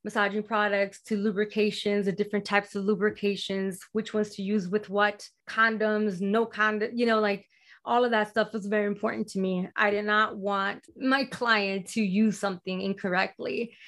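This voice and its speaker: A woman in a casual interview, telling lively stories and quoting herself and others with animation. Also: medium pitch, moderate pace. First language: bilingual in Spanish. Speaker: guest.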